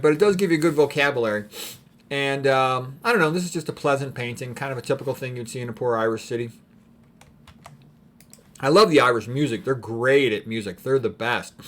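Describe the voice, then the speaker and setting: A man's voice: medium pitch, a bit bright. Rambling man commenting on paintings. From United States. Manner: rambling, opinionated, frequent throat-clearing and fillers. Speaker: art commentator.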